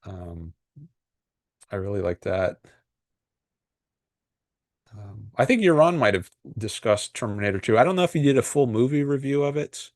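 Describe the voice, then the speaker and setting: A man hosting a casual livestream, chatting loosely and reading out viewer comments, with many pauses, fillers and restarts. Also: mid-range voice, animated, dry recording, studio quality. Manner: rambling and hesitant, frequent fillers and restarts. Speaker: livestream host.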